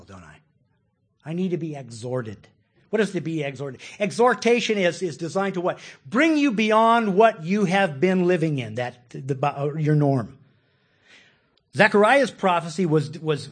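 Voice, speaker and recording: A man's voice: a little high, breathy edge. A man preaching a sermon as a pastor, emphatic and asking questions of his listeners. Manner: emphatic, asks questions of the congregation.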